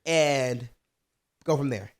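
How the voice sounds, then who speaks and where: A man's voice: mid-range voice, slow. A man co-hosting a podcast in casual chat, blunt and provocative. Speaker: podcast co-host.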